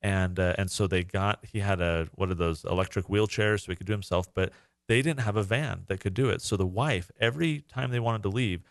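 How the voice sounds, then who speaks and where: A man's voice: sits low, no room sound, studio quality. A man, a parent, co-hosting a podcast, telling a story in a casual, earnest and emotional way with many fillers. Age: adult parent. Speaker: podcast co-host.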